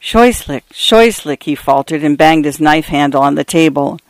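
A male audiobook narrator reads first-person literary fiction in a calm, measured way. His voice sits a little high, and the recording is dry and close. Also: dry recording.

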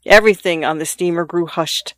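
Audiobook narrator, measured, descriptive, smooth voice, dry close mic. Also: medium pitch, a bit bright, no room sound.

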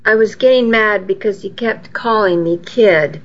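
A woman's voice: medium pitch, a little slow. A woman narrating a first-person story in an earnest, storytelling way, on a dull lo-fi recording. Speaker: audiobook narrator.

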